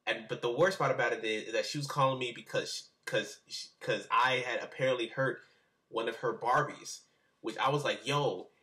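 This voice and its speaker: A young man recounts a story to an interviewer over a webcam, his voice bright and forward. He rambles in casual slang, stacking fillers and false starts. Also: medium pitch, moderate pace.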